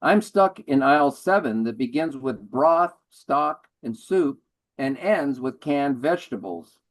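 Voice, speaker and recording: A man's voice: mid-range voice, animated, measured pace, poor audio. Wry older man reading his poems. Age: 70s. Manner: dry, wry delivery of humorous verse. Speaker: featured poet. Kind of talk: poetry reading.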